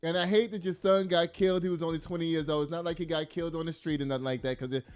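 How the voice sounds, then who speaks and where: A man's voice: on the high side, steady tone, racing, smooth. A man giving blunt, profane, emphatic political commentary to his audience, laughing at his own jokes. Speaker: commentary host.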